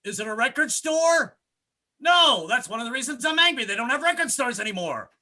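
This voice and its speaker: A man voicing a loud, grumpy male shop owner ranting through a mock commercial. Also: lively intonation, brisk, exaggerated voice. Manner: shouting, sales-pitch ranting.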